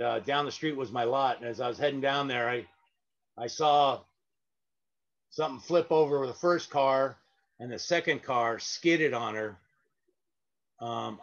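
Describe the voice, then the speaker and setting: A man's voice: medium pitch, fairly bright tone, lo-fi sound. A man, a parking lot sweeper and guest, telling stories in a casual, rambling way with many fillers and restarts. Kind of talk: casual anecdotal storytelling.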